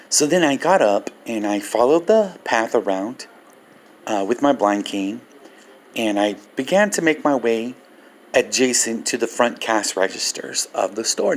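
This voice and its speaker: Gravelly older man telling a story. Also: medium pitch, slight background noise. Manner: animated, laughing storyteller. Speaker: Christian ministry vlogger. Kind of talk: personal storytelling testimony.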